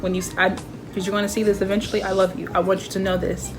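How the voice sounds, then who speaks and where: A woman's voice: medium pitch, level tone, quick pace, faint music behind. A young woman chatting casually as she reviews a favorite movie, talking animatedly and acting out bits of dialogue.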